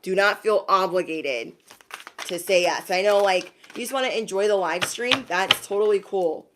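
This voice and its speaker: A woman's voice: medium pitch, normal speed, background noise. A woman giving a live-streamed zodiac reading. She is chatty and slangy, talks straight to her viewers, and often acts out quoted voices. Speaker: intuitive card reader.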